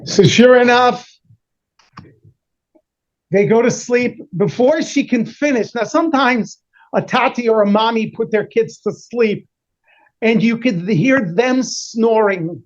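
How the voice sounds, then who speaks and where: A man's voice: very high voice, slow pace, lo-fi sound. A man, a rabbi, telling a story to children, playfully acting out the characters' voices and mixing in Yiddish and Hebrew words. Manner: animated, acts out the characters' voices in short bursts. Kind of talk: storytelling to children over a video call.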